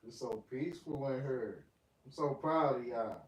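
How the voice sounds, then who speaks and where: A man gently calming his dogs with slangy, repetitive reassurance while vlogging. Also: medium pitch, moderate pace, far from the mic. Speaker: dog owner vlogger. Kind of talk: casual talk to dogs and viewers. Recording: echoey room, off-mic, faint noise.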